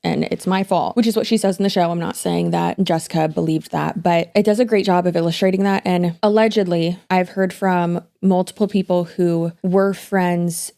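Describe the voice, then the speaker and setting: A woman's voice: fairly low pitch, steady tone, moderate pace, creaky, few pauses, mellow. A woman in her thirties giving casual commentary, chatty and hedging, with many filler words. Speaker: commentary YouTuber.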